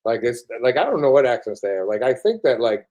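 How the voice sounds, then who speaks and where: A man's voice: mid-range voice, sing-song, fast talker, mellow. A man in his forties, a military veteran with a Buffalo accent mixed with Southern, talking casually in an interview with lots of fillers and restarts. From upstate New York. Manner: rambling, filler-heavy, frequent restarts, casual swearing.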